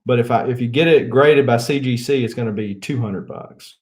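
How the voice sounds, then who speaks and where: Southern-accented man, casual rambling host, lots of chuckles and drawn-out fillers. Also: mid-range voice, a little mellow. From Mississippi. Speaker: comic book channel host. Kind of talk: casual rambling haul chat.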